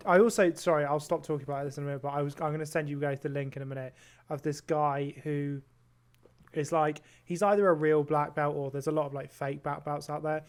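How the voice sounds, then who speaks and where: A man's voice: fairly high pitch, level tone, brisk, clear, resonant tone. A man co-hosting a podcast, rambling through anecdotes full of "like" and swearing in a casual chat. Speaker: podcast co-host. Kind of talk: casual chat, animated storytelling.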